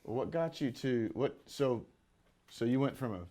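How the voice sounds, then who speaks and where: A man's voice: medium pitch, unhurried, dark tone. A man hosting a casual interview, asking short questions and chiming in with agreement. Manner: short prompts and agreeing back-channel remarks. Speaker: podcast host.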